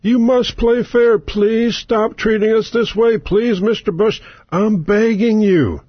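A man putting on the voice of a whiny politician who begs and pleads in a slow, high, drawn-out tone. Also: steady tone, dry recording, dull audio. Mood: pleading. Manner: whining, begging, drawn out. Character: whiny pleading middle-aged male politician.

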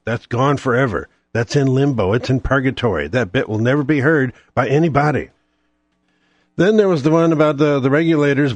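A man's voice: mid-range voice, no echo. Profane, sarcastic ranting man. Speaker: podcast host. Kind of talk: ranting solo monologue.

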